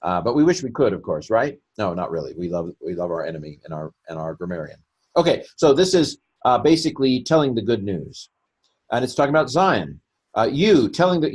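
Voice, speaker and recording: Guy giving a grammar lecture, kinda husky, thinks out loud and cracks jokes at himself. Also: medium pitch, big pitch swings, normal speed, pauses often. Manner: chatty and self-mocking, with joking asides; thinks aloud while explaining. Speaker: Hebrew grammar teacher.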